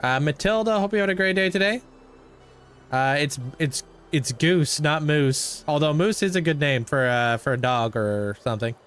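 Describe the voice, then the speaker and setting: A man's voice: fairly high pitch, animated, normal speed, fairly bright tone, clean tone, soft background music. A young man livestreaming a game, chatting casually and greeting viewers by name. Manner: laid-back, thanks and greets viewers by name. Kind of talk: casual chat with live viewers while playing.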